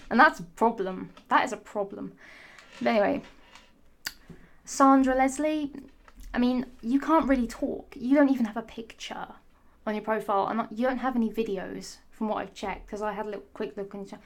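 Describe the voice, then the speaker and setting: A young woman vlogger rants casually into the camera, sarcastic, sassy, and rambling, swearing freely. Her voice is a little high and her pace moderate.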